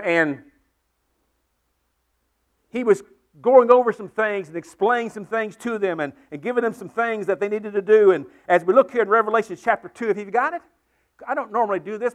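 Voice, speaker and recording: A man's voice: high-pitched, a bit bright. A man preaching a sermon to his congregation, earnest and repetitive, building to emphatic peaks. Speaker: pastor. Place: church sanctuary with congregation.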